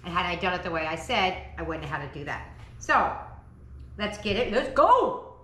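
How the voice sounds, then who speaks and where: A woman's voice: fairly low pitch, big pitch swings, moderate pace, pushed and bright, roomy sound. A woman hosting a casual home cooking vlog from her dining table, upbeat and chatty as she gets her family to taste the meal. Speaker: cooking channel host.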